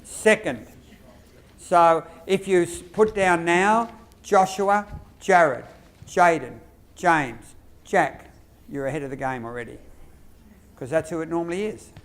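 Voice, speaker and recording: A man with an Australian accent giving a lively workshop lecture to teachers, quizzing the audience and acting out classroom phrases. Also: a little high, slow pace. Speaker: lecturer on behaviour management.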